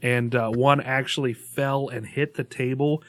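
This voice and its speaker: A man's voice: medium pitch, fairly even intonation, unhurried, a bit bright, no room sound, clean studio sound. A laid-back man co-hosting a gaming podcast, chatting casually and swearing freely. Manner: laid-back, swears often, laughs easily. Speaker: podcast co-host. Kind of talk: casual chat.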